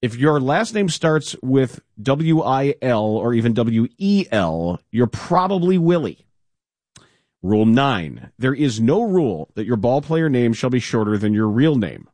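A man co-hosting a casual sports talk show, reading a column aloud with playful, animated emphasis. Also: mid-range voice, unhurried, no room sound. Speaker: radio co-host.

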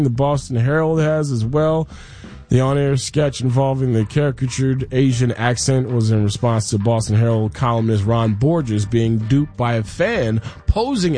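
A man's voice: medium pitch, mellow. Wry sports radio host, man. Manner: wry, incredulous commentary. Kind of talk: sports talk radio banter.

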